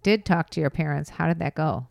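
A woman's voice: deep voice, fairly quick, gravelly, a little mellow, dry recording. A middle-aged woman co-hosting a podcast, chatting casually and asking probing questions. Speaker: podcast co-host. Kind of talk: casual chat.

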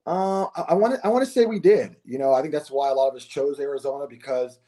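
A man with a mellow, warm voice guests on a podcast. He chats casually and often repeats words as he gathers his thoughts. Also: fairly high pitch, quick pace. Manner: relaxed, repeats words while thinking. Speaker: guest, former college basketball player. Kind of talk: casual interview.

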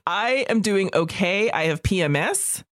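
Animated woman in her thirties, dry sound. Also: mid-range voice, measured pace, dry recording. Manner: animated storytelling, breaking into laughter. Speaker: podcast co-host. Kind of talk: casual chat.

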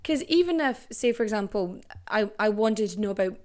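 A young woman hosting a history podcast in casual, animated chat, swearing freely. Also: medium pitch, normal speed. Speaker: podcast host.

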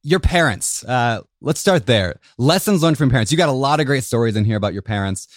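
Fast-talking, eager podcast host. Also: male voice, mid-range voice, expressive, no room sound, studio quality. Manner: enthusiastic, with fillers and restarts. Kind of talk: casual interview.

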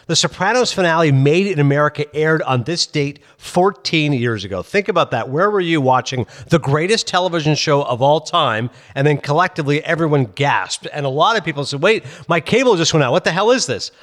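A man co-hosting a casual sports podcast with a slightly higher-pitched voice. He reads listener questions and tells stories with animated emphasis. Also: brisk, hardly any pauses. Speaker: podcast co-host.

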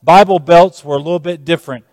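A male preacher with a fairly high voice talks fast through a sermon, turning scripture into lively stories and hitting key words hard. His animated delivery shifts its emphasis, and his voice rings out with long reverb in a large church hall.

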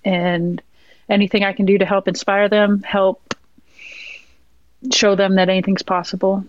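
A woman's voice: mid-range voice, level tone, a little slow, a little hiss or hum. A woman from the West Coast of Canada, a guest in casual chat, modest and laid back, with many fillers. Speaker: guest, soccer player. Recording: dull dry sound.

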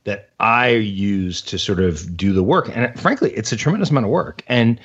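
A man's voice: on the low side, expressive, normal speed, a bit bright, slightly rough. A man chatting as a podcast guest, rambling and self-deprecating as he tells stories. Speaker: guest analyst. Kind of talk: casual podcast chat. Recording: dull lo-fi audio.

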